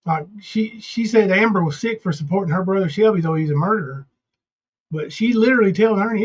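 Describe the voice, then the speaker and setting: A man's voice: sits high, animated, a little fast, slightly rough. A man co-hosting a stream, earnestly arguing his point about played clips. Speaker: co-host. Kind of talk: casual commentary on played clips. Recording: dull lo-fi audio.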